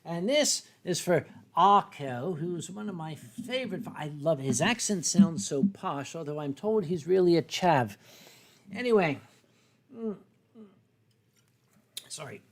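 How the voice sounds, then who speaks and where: A man hosts a livestream and draws viewer requests, chatting playfully and rambling with many fillers. His voice is fairly high and expressive, and he talks a little slowly.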